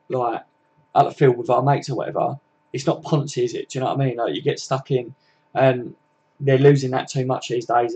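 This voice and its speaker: Young southern English lad hosting a football stream, mid-pitched and chatty, all slang and tag questions. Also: male voice, a little mellow, lo-fi sound. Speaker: football live-stream host. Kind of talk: casual live-stream chat reading viewer comments.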